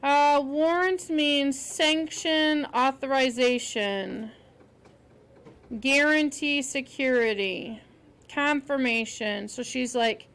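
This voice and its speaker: A woman's voice: sits high, takes it slowly, fairly bright tone, clean tone. A woman reading a book aloud to children, stopping to explain words patiently and spell them out. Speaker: reader teaching children.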